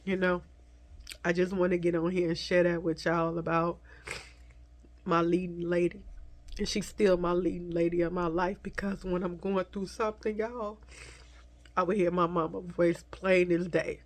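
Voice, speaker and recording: A woman vlogger tearfully telling a personal story to her viewers, speaking softly and haltingly, at times dropping to a whisper. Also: on the low side, flat delivery. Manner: soft, halting, slips into whispers, addresses viewers as y'all.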